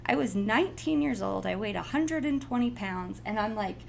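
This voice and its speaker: A woman telling a personal story in a casual, blunt, animated way. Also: medium pitch, moderate pace, gravelly, a little hiss or hum, rough recording.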